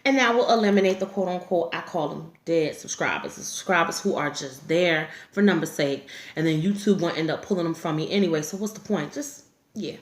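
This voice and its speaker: A woman's voice: on the low side, a little fast. A woman vlogger telling a story to camera in a frank, profane way, laughing often as she talks. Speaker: YouTube storyteller. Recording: echoey room.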